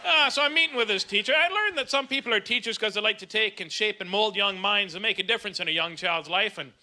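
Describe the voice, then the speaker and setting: High-voiced stand-up comic. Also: male voice, quick pace. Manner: animated, punchy storytelling. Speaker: stand-up comedian. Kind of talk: stand-up comedy. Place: comedy club stage. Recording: live show, loud crowd and noise.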